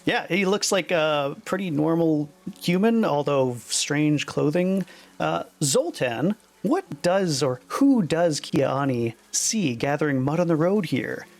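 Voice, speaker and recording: Gravelly man running a tabletop game. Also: on the high side. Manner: relaxed, halting narration with many fillers. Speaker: dungeon master.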